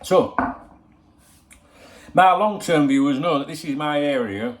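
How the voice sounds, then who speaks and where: A man's voice: on the high side, unhurried. A man hosting a casual football vlog at home, chatty, joking and swearing freely as he rambles to viewers. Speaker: football channel host.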